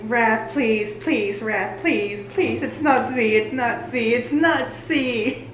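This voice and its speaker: A woman giving a live reaction commentary, gushing and excitable as she talks back to the screen. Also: a little high, takes it slowly. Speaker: book and TV reviewer. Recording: roomy echo, faint hiss.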